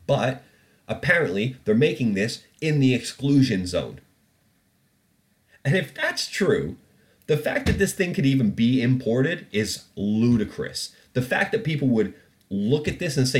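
A man's voice: mid-range voice, very animated, measured pace. A man hosting a podcast in a studio, ranting about the news in casual, profane, opinionated commentary. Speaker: podcast host.

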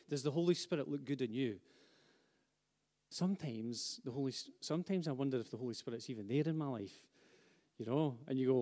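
A man's voice: mid-range voice, darkish tone. A man preaching a sermon, speaking fervently and building to emphatic repetition. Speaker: pastor. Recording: long hall reverb.

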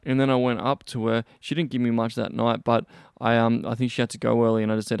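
A man's voice: medium pitch, flat delivery, quick pace, gravelly, darkish tone, clean tone, no room sound, studio quality. A young man hosting a podcast, telling a rambling story with heavy swearing and frequent restarts. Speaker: podcast host. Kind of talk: casual storytelling monologue.

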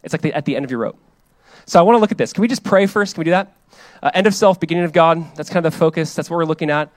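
A man in his thirties preaching and praying as a pastor, casual and energetic, often repeating and restarting phrases. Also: a little high, very fast, dry recording. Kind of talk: sermon with prayer. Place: church hall.

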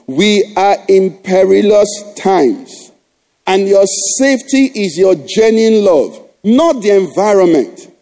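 A man's voice: high voice, mellow. A middle-aged male pastor preaching a sermon, exhorting the congregation with rhetorical questions.

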